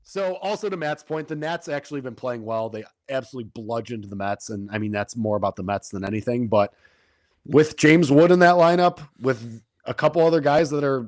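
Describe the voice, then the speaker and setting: A man's voice: mid-range voice, darkish tone, no echo, studio quality. A man co-hosting a sports betting podcast, talking in a casual, rambling way with frequent restarts. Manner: talks fast with frequent restarts and fillers.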